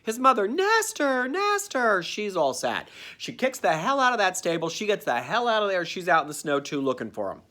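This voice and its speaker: A man giving a campy, sarcastic comedic recap of a cartoon, dropping into quick character voices. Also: fairly high pitch, sing-song, a bit bright. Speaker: comedic reviewer.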